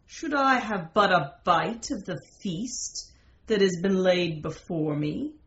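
A woman voicing a joyful medieval man who speaks in solemn, scriptural phrases, slightly lower than her narration, in a roomy, slightly dull recording. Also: lively intonation, slow pace, a bit bright. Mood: exultant. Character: joyful, devout-sounding medieval male lover.

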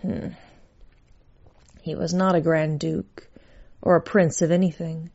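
A woman reading a story aloud in a measured, wry storytelling manner. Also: sits low, little pitch movement, gravelly, a little mellow. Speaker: narrator. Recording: dull lo-fi recording.

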